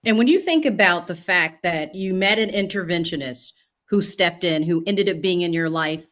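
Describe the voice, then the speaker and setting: A woman's voice: lowish voice, moderate pace, fairly bright tone. A woman hosting an interview, asking long, reflective follow-up questions and murmuring along attentively. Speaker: host.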